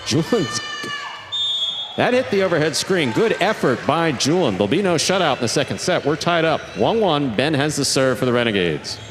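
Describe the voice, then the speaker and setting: A man calling live play-by-play, his voice leaping up on exciting plays and settling back to explain them. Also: on the high side, moderate pace, over music. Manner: animated, voice jumps up on exciting plays. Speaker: play-by-play commentator. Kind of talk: live sports commentary.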